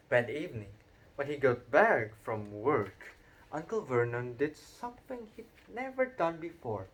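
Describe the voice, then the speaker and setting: A man narrating a children's novel aloud in an unhurried, expressive reading with occasional stumbles. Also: medium pitch, husky. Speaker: audiobook narrator. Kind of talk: storybook read-aloud narration.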